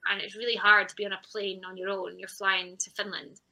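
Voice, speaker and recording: Woman, thirties, very bright tone, candid, reflective, podcast guest storytelling. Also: mid-range voice, level tone, a little fast, poor audio. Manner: candid and reflective, with frequent laughs and quoted self-talk. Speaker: athlete guest. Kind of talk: personal storytelling in a podcast interview.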